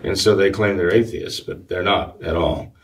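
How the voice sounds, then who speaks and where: A man, a Catholic priest, answering listener questions in a measured, halting way with many fillers and restarts. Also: deep voice, steady tone, distant mic. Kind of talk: conversational commentary.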